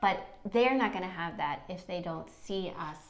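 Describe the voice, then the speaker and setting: A woman's voice: on the low side, moderate pace. A woman hosting a podcast with her husband, speaking in an encouraging way and often checking in with "right?". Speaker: podcast host, wife. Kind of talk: casual advice chat. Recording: echoey room.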